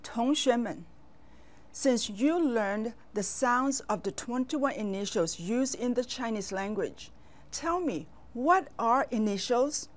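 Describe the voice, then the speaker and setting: A woman teaching a children's language lesson in a slow, clear voice, pausing for the learner to repeat after her. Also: on the high side, lively intonation.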